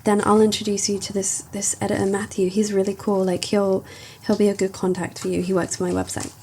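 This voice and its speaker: A woman's voice: mid-range voice, brisk, mellow, slight background noise, close to an everyday voice. A woman voicing a sly, pushy young man who schemes his way in. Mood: wheedling.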